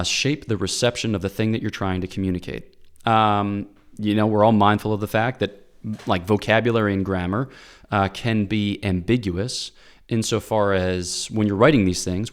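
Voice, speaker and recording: Earnest priest, lowish voice, chatty. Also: male voice. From Pennsylvania, USA. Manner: earnest, lively explainer, frequent "okay?" and "all right?" check-ins. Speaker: priest giving advice. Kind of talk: casual advice talk.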